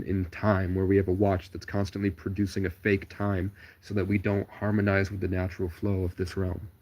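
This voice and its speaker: On a livestream, a man with a deep, darkish voice talks by himself, wandering through digressive stories in a stream-of-consciousness ramble.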